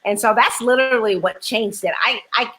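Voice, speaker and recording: Bright, earnest woman host. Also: a little high, normal speed, rough recording. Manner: earnest and reflective. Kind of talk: casual interview chat.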